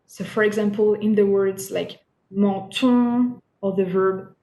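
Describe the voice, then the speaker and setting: A woman teacher walks through pronunciation slowly and patiently, repeating each sound and checking in with the listener. Her voice sits at a middle pitch and carries a noticeable room echo. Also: steady tone, mellow. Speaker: French teacher. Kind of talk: recorded language lesson. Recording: echoey room.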